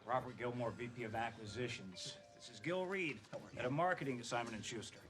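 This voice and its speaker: A man's voice: medium pitch, a little fast, fairly bright tone, faint music behind, close to an everyday voice. A man playing a formal business executive. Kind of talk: film dialogue.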